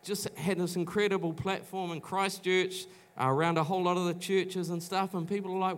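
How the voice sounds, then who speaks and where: Speaking briskly and with few pauses, this middle-aged man from New Zealand has a high-sitting voice. He's a pastor giving a sermon with personal testimony in a church auditorium, telling his own stories conversationally, often restarting and performing the voices he quotes.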